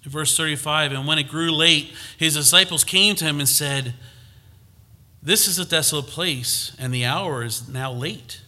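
A man's voice: fairly high pitch, moderate pace, pushed and bright. A man preaching a conversational sermon, reading scripture and rising to emphatic peaks.

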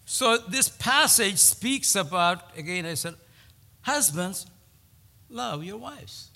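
Male pastor, measured sermon delivery with emphatic repetition, recorded in a hall with long reverb. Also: high voice, expressive, gravelly, sharp tone. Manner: storytelling, with pauses and emphatic repetition. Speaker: preacher.

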